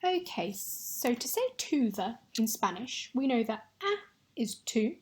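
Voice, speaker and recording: A woman teaching a recorded Spanish lesson, modelling words clearly and patiently for pupils to repeat. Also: fairly high pitch, big pitch swings, a little slow.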